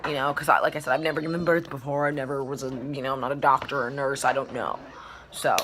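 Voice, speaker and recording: A woman's voice: extremely low pitch, flat delivery, quick pace, a bit bright, a little hiss or hum. A young adult woman vlogger in a casual storytime chat, acting out quotes and swearing casually.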